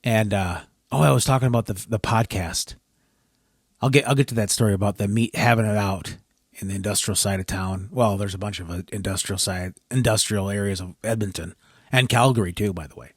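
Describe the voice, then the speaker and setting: A man's voice: on the low side, brisk, no echo, studio quality. A man hosting a solo podcast, rambling and frustrated, often breaking off mid-sentence. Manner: frustrated, rambling, self-interrupting. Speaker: podcast host.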